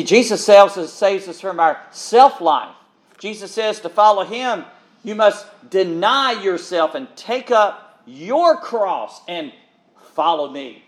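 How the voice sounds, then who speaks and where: A male preacher giving an earnest sermon, repeating words and calling his listeners beloved. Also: sits high.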